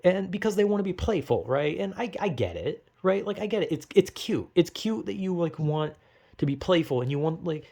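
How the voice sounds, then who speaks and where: In a casual monologue, a young man with a high-pitched, expressive, slightly mellow voice with vocal fry talks a little fast. He rambles and swears, acting out quotes in goofy voices.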